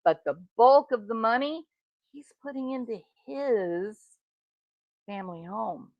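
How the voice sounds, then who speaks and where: A woman's voice: on the high side, expressive, measured pace, no echo, lo-fi sound. A middle-aged woman giving indignant, emphatic true crime reaction commentary. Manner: indignant, emphatic, talks straight to the subject. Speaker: commentary host.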